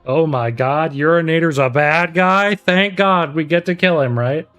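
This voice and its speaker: Man streaming a game, jokey and quick to laugh, faint music behind. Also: on the high side, fairly bright tone. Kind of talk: casual chat on a game stream.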